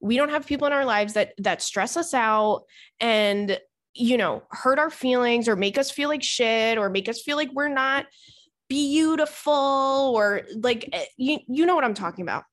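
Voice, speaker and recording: Higher-voiced woman host, casual chat, blunt and sweary, acts out the convo. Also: normal speed. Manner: candid, blunt, swears freely, laughs often; animated storytelling, acts out friend's lines. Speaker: podcast host giving dating advice.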